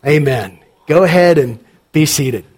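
A man preaching as a pastor, reading scripture aloud and then asking his congregation questions in an unhurried, conversational way. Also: on the high side, expressive, a little mellow. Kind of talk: sermon.

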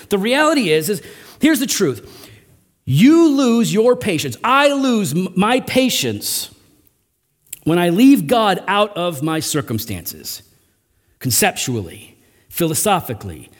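A middle-aged man preaching a sermon as pastor, with animated, emphatic rising runs. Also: high voice. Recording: long hall reverb.

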